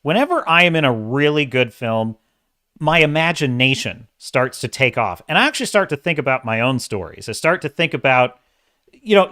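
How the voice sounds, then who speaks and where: A man's voice: medium pitch, pushed and bright, no room sound, studio quality. A man hosting a casual commentary show, ranting in an emphatic, exasperated way. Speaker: host.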